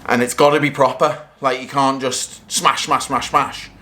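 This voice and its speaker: A chatty man talks his way through a home practice session for a golf vlog. His voice sits at an ordinary middle pitch, and he is self-critical one moment and cheering the next. Now and then he sounds a little out of breath between swings. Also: moderate pace. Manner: chatty, self-critical, bursts of excited exclamations. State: a bit out of breath at times. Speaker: golf vlogger. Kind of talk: casual vlog commentary while hitting shots.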